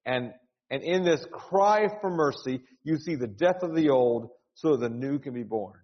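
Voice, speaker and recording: A male pastor with a medium-pitched, animated voice preaches an earnest and urgent sermon without hurrying. He keeps repeating words and climbing into cries, while the audio is dull and washed in long hall reverb.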